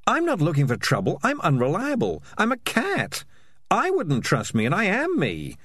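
Sly storybook tomcat, read by a man, husky and wry, big pitch swings. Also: wildly swooping pitch, normal speed, fairly bright tone, no echo, clean studio sound, full character voice. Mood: pleading. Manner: wry, chatty, shifty. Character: sly, self-serving talking male cat.

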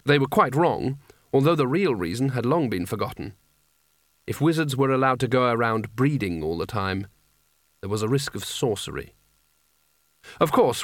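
A man's voice: mid-range voice, a bit bright, no echo. Man reading a comic fantasy story. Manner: dry, wry storytelling. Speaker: narrator. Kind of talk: audiobook narration.

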